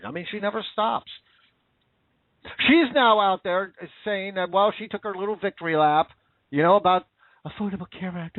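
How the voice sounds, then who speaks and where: A man's voice: sits high, no room sound. A man hosting a show, ranting in angry, sarcastic political commentary. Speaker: podcast host. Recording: tinny phone-like dry audio.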